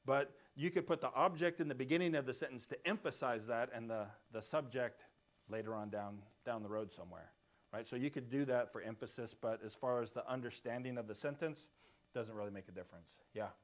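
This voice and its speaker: A man's voice: mid-range voice, a little fast. Man teaching a church Bible class. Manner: explains step by step, often checks in with "right?".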